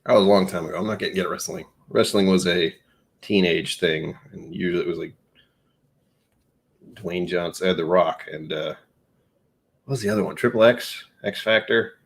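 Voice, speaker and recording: A man with a low voice hosts a casual livestream. He rambles from topic to topic, pokes fun at himself and keeps the talk loose and jokey. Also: normal speed, gravelly, pauses often. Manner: rambling, self-mocking, jokey. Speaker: live streamer.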